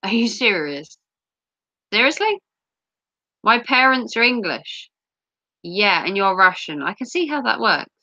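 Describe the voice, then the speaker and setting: A woman's voice: medium pitch, sing-song, a little slow, pauses often, pushed and bright, dry recording, muffled recording. A middle-aged woman hosting a casual livestream, teasing viewers and reading their comments, her voice a little sore. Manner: playful, teasing, giggly. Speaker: livestream host. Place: home, streaming.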